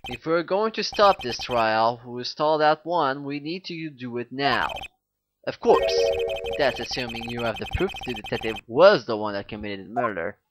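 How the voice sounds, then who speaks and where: A woman's voice: expressive, moderate pace, noisy background. A woman co-hosting a game playthrough, chatting casually and joking while reading lines aloud. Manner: playful, jokey, switches to shrill put-on cries.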